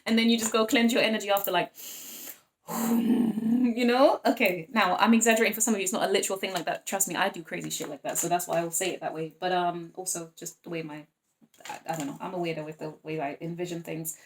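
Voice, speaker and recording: A woman giving a casual tarot reading to her viewers, chatty and animated, acting out little scenes and laughing often. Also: on the low side, fast talker, a little hiss or hum. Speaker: tarot reader.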